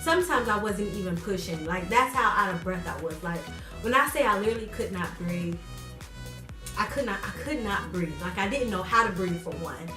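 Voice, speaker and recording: Young woman, casual vlog storytelling, animated, roomy echo, a bit off-mic. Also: fairly quick, distant mic, over music. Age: young adult. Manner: animated, acts out quotes with big pitch jumps. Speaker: vlogger.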